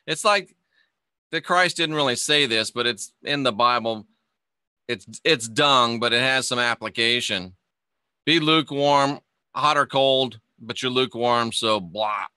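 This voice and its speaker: Man, live-stream host, joking, rambling, bright voice, dry close sound. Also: medium pitch, smooth, no echo. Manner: rambling, joking, quick to laugh. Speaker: host of a live online show. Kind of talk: casual live-stream chat, reading viewer comments.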